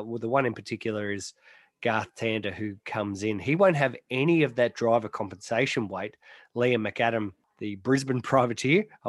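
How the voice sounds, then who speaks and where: A man's voice: lowish voice, no room sound, studio quality. An Australian man hosting a motorsport podcast, chatty and teasing, reading sponsor plugs between banter. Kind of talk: casual chat.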